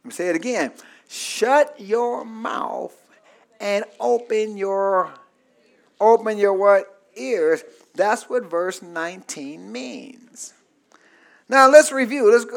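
This male pastor's voice sits high, creaky and expressive, at a normal speed. He leads a call-and-response sermon, repeating lines for the congregation to echo, alternating soft asides with shouted peaks.

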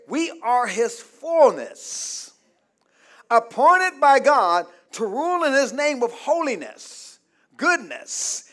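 High, bright-voiced preaching pastor. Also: male voice. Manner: preaching with calls of "say amen, somebody" and rising shouts; asks the congregation to fill in words. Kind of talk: call-and-response sermon. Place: church.

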